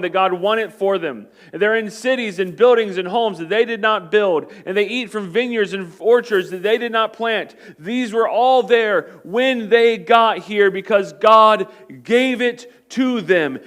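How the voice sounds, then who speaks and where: A male pastor delivers a sermon with a notably high voice. He tells the story with animation, pushing hard on key lines and then dropping to a hush. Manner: animated storytelling, swinging between loud and hushed.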